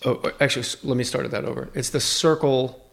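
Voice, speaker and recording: A man with a gravelly, fry-edged voice talks loosely as a podcast guest. He rambles from one thought to the next and throws in quick comic voices, all at a middling pitch. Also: steady tone. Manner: rambling, jokey, acts out voices in quick asides. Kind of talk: casual chat.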